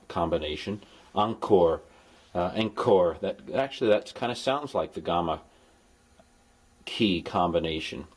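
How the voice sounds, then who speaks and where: A man recording a language lesson as a tutor, explaining patiently and dropping playful, jokey asides to his students. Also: sits low. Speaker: Greek tutor.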